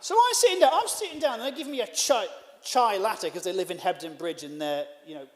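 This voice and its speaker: A male comedian telling a story in a stand-up set, animated and self-deprecating. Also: high-pitched, brisk, in a large hall, a little hiss or hum. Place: live venue.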